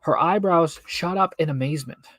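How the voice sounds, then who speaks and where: A man's voice: fairly high pitch, normal speed, a bit bright, dry recording. A young man casually reading a children's book aloud on a stream, breaking off for bemused jokes. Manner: reads with joking, bemused asides. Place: home streaming setup.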